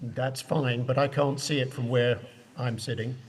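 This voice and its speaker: An English man delivers a measured legal keynote over a video call. His voice sits at an ordinary middle pitch, and he explains points plainly with emphatic summaries. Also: steady tone, slight background noise. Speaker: judge giving keynote remarks. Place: his room at the court, joining remotely.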